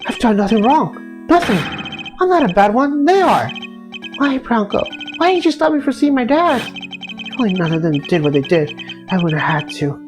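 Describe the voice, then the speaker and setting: A woman voicing a hysterical male clown villain in a game voice-over, shrill and panicked. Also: sing-song, normal speed. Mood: self-pitying. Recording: game music behind voice.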